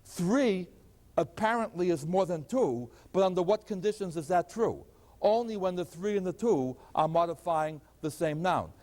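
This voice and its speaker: High-voiced man lecturing in an echoing hall. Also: expressive, normal speed, darkish tone. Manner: asks the class questions and answers them himself. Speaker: math professor. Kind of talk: chalkboard lecture. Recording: 1980s lecture hall recording with long reverb.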